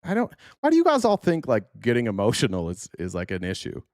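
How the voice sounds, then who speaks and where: A man's voice: medium pitch, wildly swooping pitch, fast, a little mellow, dry recording, clean studio sound. A man hosting a political livestream, ranting heatedly with profanity and restarts while reacting to clips and chat. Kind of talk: casual livestream commentary.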